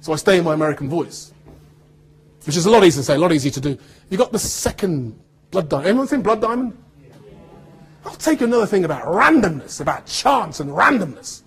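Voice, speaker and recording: An English man, an actor, giving an animated anecdotal talk to students and acting out voices as he tells stories. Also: sits high, fairly quick, slightly rough. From United Kingdom. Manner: animated storyteller, acts out voices.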